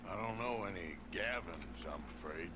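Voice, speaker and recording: An actor playing a rugged outlaw cowboy who speaks with a courteous, measured drawl. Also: male voice, deep voice, expressive, very noisy.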